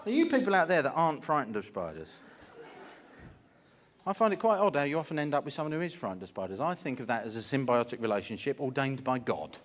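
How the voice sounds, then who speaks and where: A man's voice: medium pitch, big pitch swings, fast talker. A man doing a stand-up comedy story on stage, theatrical and mock-anguished. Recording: live stage recording with audience noise.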